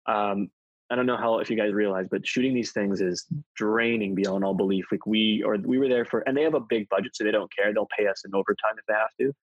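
A man's voice: on the low side, steady tone, fast talker, husky, no echo, lo-fi sound. A man being interviewed about his acting work, chatty and self-deprecating, slipping jokes into his answers. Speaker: actor, interview guest. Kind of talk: casual interview chat.

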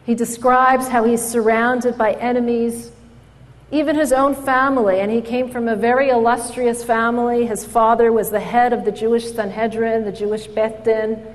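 A woman's voice: fairly high pitch, moderate pace. Storytelling woman in a reverberant hall. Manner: animated storyteller, acts out quoted voices. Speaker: speaker at an event. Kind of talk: storytelling speech.

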